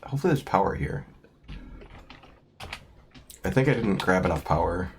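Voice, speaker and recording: Rambling low-voiced streamer man. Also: animated, moderate pace, soft background music. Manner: rambling, self-deprecating, many fillers. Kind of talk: casual gameplay commentary.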